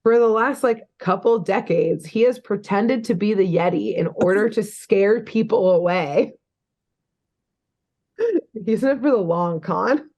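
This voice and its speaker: A woman's voice: mid-range voice, animated, unhurried, darkish tone. A young woman co-hosting a podcast, recapping a cartoon episode in casual, chatty talk full of fillers and laughter. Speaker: podcast co-host.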